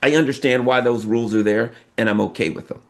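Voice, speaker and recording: A man's voice: mid-range voice, quick pace. A man from the United States, a political commentator talking casually and emphatically, acting out what others say. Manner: animated, emphatic, acts out quoted voices.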